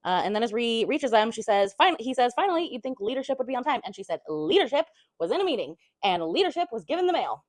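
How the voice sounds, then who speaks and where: A woman's voice: fairly high pitch, big pitch swings, quick pace, no room sound. A woman giving a casual chapter-by-chapter book recap, chatty, throwing in blunt swearing asides and half-acting the characters' lines.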